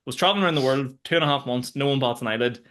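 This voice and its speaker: A young comedian chatting on a podcast. He talks at a rapid clip with a bright, tense edge. His storytelling is loose and animated, and he swears freely. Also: mid-range voice. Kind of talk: casual comedic chat.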